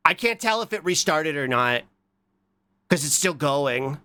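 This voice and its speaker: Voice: animated, measured pace, pushed and bright, clear, resonant tone, no echo. A livestreamer chatting casually while reacting to videos and reading chat, sounding congested from a cold and talking in a scattered, goofy way. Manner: scattered and goofy, with frequent repeated "What?" and squeaky high bursts.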